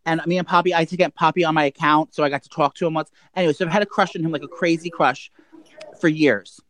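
A man's voice: a little high, steady tone, fast talker, fairly bright tone. A man telling a gossipy personal story in a casual, rambling way, full of restarts.

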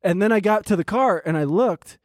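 A man's voice: high-pitched, fairly quick, no room sound, clean studio sound. A man co-hosting a podcast, telling a story in casual chat, swearing freely and acting out what people said. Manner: animated, profane, acts out quotes with laughter.

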